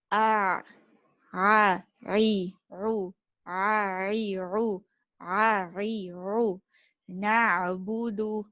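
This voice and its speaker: A woman teaching Quran recitation, patiently repeating each letter sound slowly for her learners. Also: medium pitch, no room sound. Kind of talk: tajwid lesson, demonstrating letter sounds.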